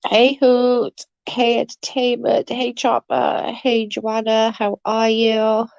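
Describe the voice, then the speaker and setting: A woman's voice: on the high side, completely flat delivery, takes it slowly, vocal fry, darkish tone, no room sound, lo-fi sound. A woman streaming live, chatting casually and rambling with her viewers, swearing now and then.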